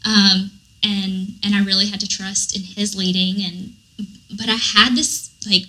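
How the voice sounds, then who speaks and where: A woman's voice: mid-range voice, unhurried, low-quality recording. A woman with a Southern American accent, a guest dietitian speaking earnestly in a casual interview, with lots of fillers. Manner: earnest, animated storytelling with many fillers. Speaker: guest, dietitian and recovery coach.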